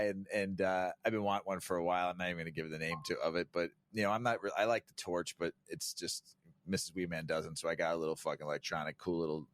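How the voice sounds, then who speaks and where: A man co-hosting a podcast in casual chat, rambling and swearing constantly, laughing loudly at his own stories on a studio mic. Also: low voice, no room sound. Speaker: podcast co-host.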